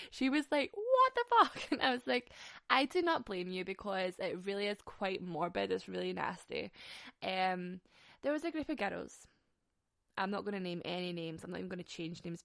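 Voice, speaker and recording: A woman's voice: mid-range voice, vocal fry, dry recording, clean studio sound. A young Scottish woman telling stories in a casual, sweary way, laughing often. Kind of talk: casual storytelling.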